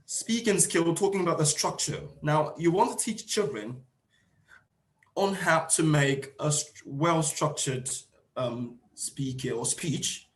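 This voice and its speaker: Man, teacher trainer, online seminar, video call, emphatic, repeats himself. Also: fairly high pitch. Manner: emphatic, repeats key phrases, acts out example lines.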